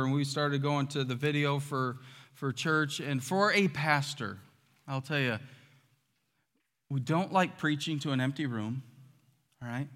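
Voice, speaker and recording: A man preaching a sermon as pastor, animated and acting out quotes with loud outbursts. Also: medium pitch. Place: church sanctuary. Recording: long hall reverb.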